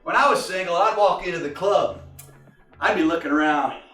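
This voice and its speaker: A man's voice: high-pitched, fairly quick, distant mic. Older man barking snap counts, echoey. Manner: animated, shouting snap counts and cadences; profane, drill-sergeant bark. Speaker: football coach. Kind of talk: coaching session. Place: film room. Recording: echoey room, mic from afar, faint music.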